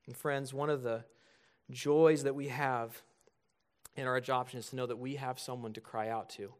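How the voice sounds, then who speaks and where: A man's voice: mid-range voice, steady tone, moderate pace. A man in his thirties preaching a sermon as pastor, earnest and building to emphatic points.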